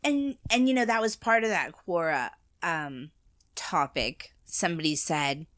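A woman from the United States with a slightly low voice, recorded dry and close. She co-hosts a podcast in casual chat, laughing often and restarting her sentences. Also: measured pace, a bit bright, no echo. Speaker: podcast co-host.

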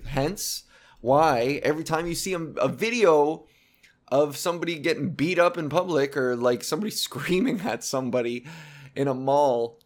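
A young man talks straight to his viewers in a loose, rambling explainer. His voice sits a little high, and his delivery is sarcastic, dotted with crude asides. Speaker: video host. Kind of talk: casual explainer monologue.

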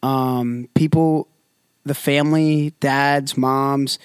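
A man's voice: medium pitch, fairly even intonation, drawn-out words, clean tone, dry recording, clean studio sound. A young man co-hosting a casual Bible discussion, chatty and hesitant as he reads aloud with restarts. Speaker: co-host.

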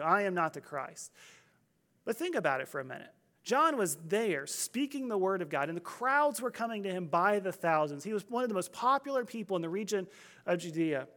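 A man's voice: high voice, fairly bright tone. A man preaching a sermon as pastor, in a conversational, storytelling way with humor.

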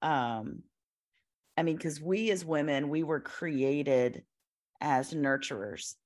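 Low, slow-speaking woman reflecting on faith. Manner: earnest, emphatic, dwells on key words. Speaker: Bible teacher guest.

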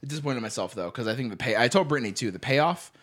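A man's voice: mid-range voice, lively intonation, rapid-fire, fairly bright tone. A young man co-hosting a podcast in casual chat, telling stories with lots of swearing and acting out his own angry outbursts. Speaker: podcast co-host.

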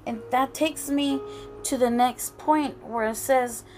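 A woman preacher delivers a sermon at an unhurried pace, her voice sitting a little high. She talks earnestly and haltingly, circling back to restart her phrases. Soft music plays faintly beneath her.

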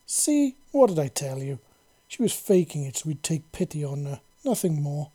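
A man's voice: fairly high pitch, lively intonation, normal speed, dark tone. A man voicing a fierce female reptilian alien commander who speaks in a commanding, accusing way. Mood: indignant.

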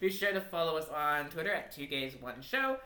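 Podcast co-host, bright animated woman with teasing banter, echoey room. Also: low-pitched, brisk. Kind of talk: casual chat. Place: indoor room.

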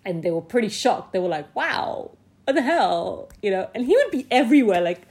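Woman, mid-range voice, casual storytelling, animated and sweary, laughs through her lines. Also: mid-range voice, quick pace. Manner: animated, swears freely, many "like" fillers; often laughs mid-sentence.

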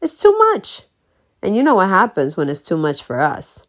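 A woman ranting bluntly in a casual monologue, profane and emphatic, swinging between slow stressed words and fast bursts. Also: lowish voice, very animated. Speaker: vlogger.

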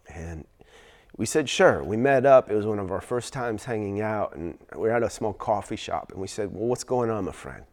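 A pastor preaching a sermon, moving from a quiet, hushed retelling of a story to emphatic, raised preaching. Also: male voice, on the low side.

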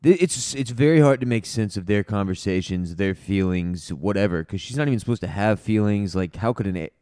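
Blunt man with a low, mellow voice. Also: a little fast, smooth, no room sound, studio quality. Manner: blunt, opinionated. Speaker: podcast co-host. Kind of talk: casual chat.

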